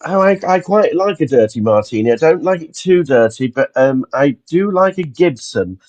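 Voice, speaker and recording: A man's voice: a little high, animated, moderate pace, a little mellow. A man, a guest musician on a chat show, talking casually with frequent ums and false starts. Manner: hesitant, many ums and restarts. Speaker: guest pianist.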